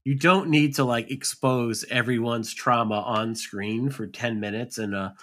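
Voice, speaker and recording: A man's voice: medium pitch, steady tone, unhurried, fairly bright tone. Rambling man on a podcast. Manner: rambling, lots of "like" and "you know". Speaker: podcast co-host. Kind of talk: casual film podcast chat.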